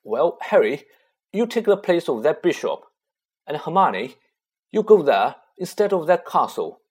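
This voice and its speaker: A man's voice: a little high, very animated, measured pace, a little mellow, slightly rough, voice pushed up, exaggerated voice. A man voicing an eleven-year-old boy who confidently plans a chess game and takes charge. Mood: assured.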